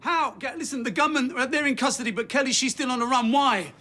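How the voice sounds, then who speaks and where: An anxious high-voiced father. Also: fast, pushed and bright, heavily acted. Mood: urgent. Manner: urgent, pleading and insistent. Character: anxious, insistent father of a wounded son.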